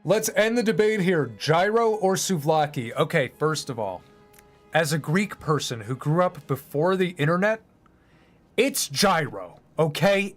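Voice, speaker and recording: Gaming YouTuber, male, high voice, goofy sarcastic rants with sudden yelling. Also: expressive, unhurried, faint music behind. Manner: rambling, sarcastic, bursts of yelling at the game. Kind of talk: casual let's-play commentary.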